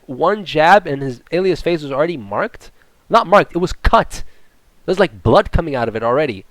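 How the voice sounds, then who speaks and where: Young male fight vlogger, slightly high voice, profane rambling rant, dry close sound. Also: no echo. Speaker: MMA commentator. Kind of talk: ranting casual commentary.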